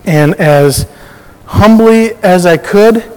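A man's voice: high-pitched, slow pace, a little mellow, smooth, in a large hall, low-quality recording. A man sharing a personal faith testimony in a conversational storytelling way, often restarting his sentences.

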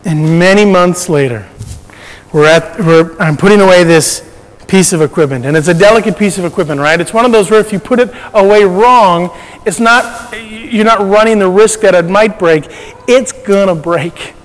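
A man's voice: high voice, moderate pace, in a large hall, low-quality recording. A man sharing a personal faith testimony in a conversational storytelling way, often restarting his sentences.

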